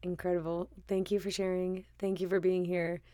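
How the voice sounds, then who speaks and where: A woman's voice: on the low side, flat delivery, moderate pace, clear, resonant tone, no echo, clean studio sound. A woman podcast host, casual and affirming, thanking her guest and prompting with short questions. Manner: warm, affirming, many "mm-hmm"s. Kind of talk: casual interview chat.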